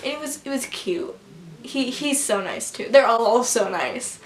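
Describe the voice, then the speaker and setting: Excitable girl vlogger rambling on, kinda roomy echo. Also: a little high, measured pace. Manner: gushing and excitable, rambling with many fillers. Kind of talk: casual storytime vlog. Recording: roomy with faint background noise.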